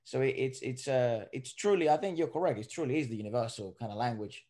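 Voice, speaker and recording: Male podcast host, casual and rambling, restarts often, mid pitch. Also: fast talker, mellow. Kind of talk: casual chat.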